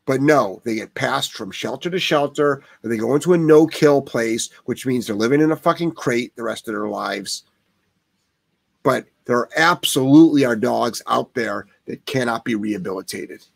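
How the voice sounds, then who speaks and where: A man's voice: mid-range voice, moderate pace, creaky. A man who trains dogs, answering viewer questions live in a blunt, profane way that heats up into rants. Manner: blunt, swears often, heated rants.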